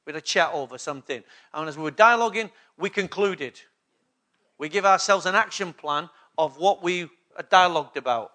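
A man's voice: high-pitched, moderate pace, sharp tone. A man preaching a sermon as pastor of his church, emphatic and repetitive, often checking in with the congregation. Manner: emphatic preaching with repeated call-and-response questions.

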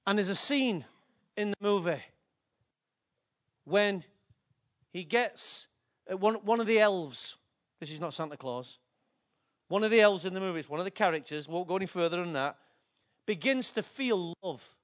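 Man, very high voice, fervent preacher, emotional, swinging loud and soft, sermon to a congregation. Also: animated, moderate pace, long pauses. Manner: fervent, emotional, with big swings in pitch and loudness. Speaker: pastor.

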